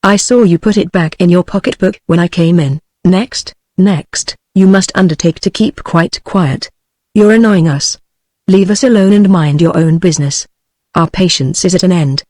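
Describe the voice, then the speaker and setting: A synthetic woman's voice with a British accent, lowish and even, reads at a moderate pace the lines of a ruthless, misshapen male clerk holding a gun. The delivery is lightly acted and menacing. The recording is studio quality with no echo.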